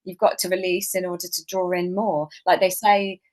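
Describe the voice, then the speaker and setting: Low-pitched woman guest, earnest explainer, relaxed chat peppered with fillers. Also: moderate pace. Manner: earnest, explanatory, frequent you know fillers. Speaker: guest, moon ritual teacher. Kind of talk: casual interview talk.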